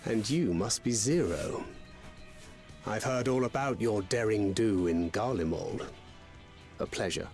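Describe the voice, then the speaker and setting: Suave rogue with a dry wit, game cutscene with music behind. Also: male voice, fairly low pitch, unhurried, pauses often, a little mellow. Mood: wry.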